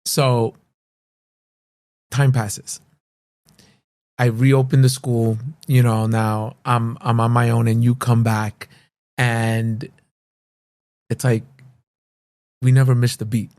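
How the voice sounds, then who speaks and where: A man hosting a casual interview, talking in a halting way with frequent restarts and "you know" fillers. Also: medium pitch, little pitch movement, darkish tone. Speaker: host and martial arts school owner.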